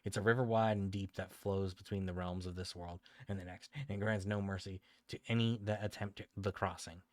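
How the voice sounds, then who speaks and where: Brief: man voicing a fierce old grandmother, gruff and scolding, deep and dry. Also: steady tone, normal speed, a little mellow, no echo, close to an everyday voice. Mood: stern. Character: cranky fierce old grandmother, rough-spoken, protective.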